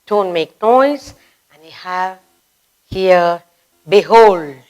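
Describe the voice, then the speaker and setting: A woman teaching a grammar lesson for children, slowly acting out example sentences with expressive exclamations. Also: on the low side, smooth. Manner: slow, deliberate teaching delivery.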